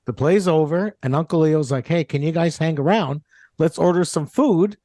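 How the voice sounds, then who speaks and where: A man with a notably high voice tells a story among friends, slipping into the voices of the people in it. The sound is dry and close, with no room around him. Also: normal speed, dark tone, no room sound. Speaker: radio co-host. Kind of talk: casual storytelling chat.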